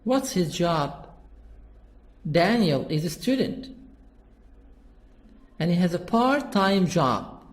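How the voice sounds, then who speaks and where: A teacher explaining English pronunciation slowly, with lots of repetition. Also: mid-range voice, sing-song. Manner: slow, repetitive and patient. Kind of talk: classroom explanation.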